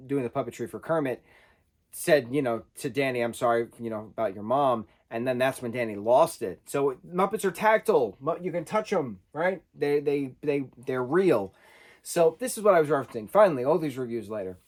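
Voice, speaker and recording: A man's voice: medium pitch, lively intonation, moderate pace, darkish tone. A man giving a casual spoken film review, talking loosely and correcting himself as he goes. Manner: conversational, self-correcting, loosely rambling.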